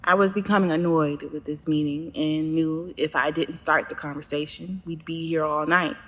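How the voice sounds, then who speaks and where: A woman's voice: low voice, steady tone, moderate pace, fairly bright tone, big-room sound. A woman narrating her own story in the first person, with a sassy, sarcastic manner.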